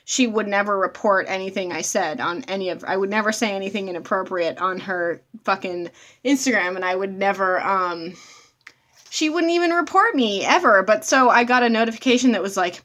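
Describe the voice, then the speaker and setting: Vlogger, female, blunt and profane, mid-pitched, chatty to camera. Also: animated, normal speed, fairly bright tone. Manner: blunt, swears freely, addresses viewers as y'all. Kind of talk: casual talk to camera.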